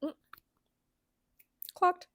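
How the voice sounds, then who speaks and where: A woman's voice: extremely slow, a bit bright, dry recording. A woman hosting a reaction video, gushing giddily with frequent squeals and laughs.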